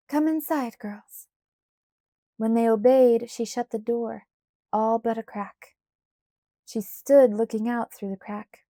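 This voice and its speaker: A woman reads a children's storybook aloud in a measured, gentle way. Her pace is slow and her tone is mellow. The recording is dry and close. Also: medium pitch, no echo. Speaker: audiobook narrator.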